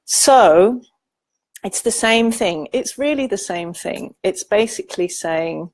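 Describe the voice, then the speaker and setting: A woman psychologist who teaches emotional self-care gives viewers a casual spoken lesson, thinking aloud and speaking emphatically. Her voice is medium-pitched with lively intonation, and she talks slowly. There's no echo in the recording.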